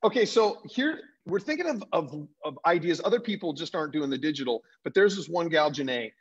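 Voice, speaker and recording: A man co-hosting a casual talk show, chatting in an animated way and laughing easily. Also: on the high side, a little fast, husky. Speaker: co-host. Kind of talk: casual chat. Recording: dull lo-fi sound.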